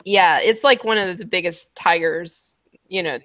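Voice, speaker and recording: A woman's voice: fairly low pitch, measured pace, fairly bright tone, no room sound. A woman narrating a tabletop game as game master, descriptive and loose, with many "like"s. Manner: descriptive, full of "like" and chuckles.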